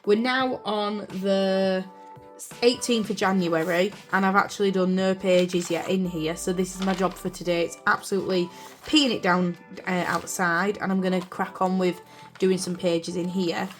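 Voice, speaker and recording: A young British woman chatting casually as she films a vlog about her journal, rambling with fillers and quick apologies, recorded on a camera on a desk stand. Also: on the low side, fairly even intonation, soft background music. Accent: British English. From United Kingdom. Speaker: journaling vlogger. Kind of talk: casual chat. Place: craft room indoors.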